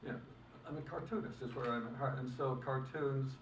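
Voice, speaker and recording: Older man, halting, in an echoey room. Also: mid-range voice. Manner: halting, searching for words, many restarts. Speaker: film director. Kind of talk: press interview. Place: convention room. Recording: echoey room, mic far off, faint noise.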